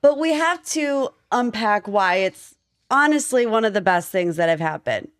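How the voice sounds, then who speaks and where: A woman co-hosting a podcast, teasing and telling stories in a playful, animated casual chat. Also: mid-range voice, moderate pace, no room sound, studio quality. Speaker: podcast co-host.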